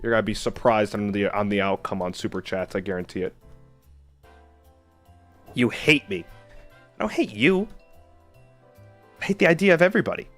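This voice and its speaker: A man's voice: fairly low pitch, animated, normal speed, pauses often, a bit bright, faint music behind. A man streaming live, chatting casually with viewers in a sarcastic, argumentative way.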